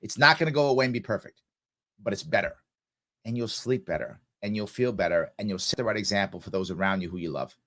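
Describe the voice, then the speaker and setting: A man's voice: lowish voice, animated, fast, sharp tone. A man in his forties hosting a show, speaking earnestly and emotionally in a heartfelt personal monologue with repeated emphasis. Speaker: show host.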